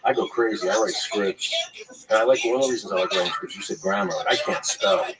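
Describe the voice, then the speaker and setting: A man's voice: on the low side, fast talker, low-quality recording. A man, a TV writer, talking in a casual chat, rambling and swearing freely. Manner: profane, rambling, animated. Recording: loud crowd chatter behind.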